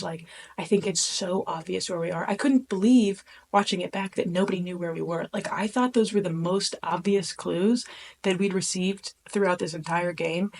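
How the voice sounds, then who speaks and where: A woman talking casually and alone, recapping her time on a reality competition in a chatty, animated way with many fillers. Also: on the low side, normal speed, vocal fry. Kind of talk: casual solo talk.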